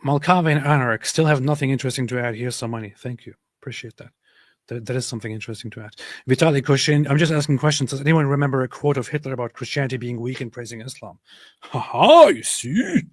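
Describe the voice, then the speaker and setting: A man's voice: medium pitch, fast talker, no echo. A man in his thirties hosting a livestream, commenting casually on viewer chat in an exasperated, sarcastic way. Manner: exasperated, sarcastic, repeats himself. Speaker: livestream host.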